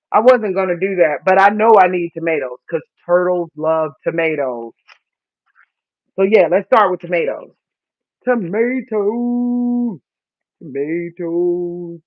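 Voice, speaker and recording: A man with a high voice chats casually as he gets his first garden seeds ready. He laughs at himself and trips over words as he reads the seed packets aloud. The sound is tinny like a phone line and very dry. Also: no echo. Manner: chatty, self-mocking, reads labels aloud haltingly. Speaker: vlogger. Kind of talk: casual chat while gardening.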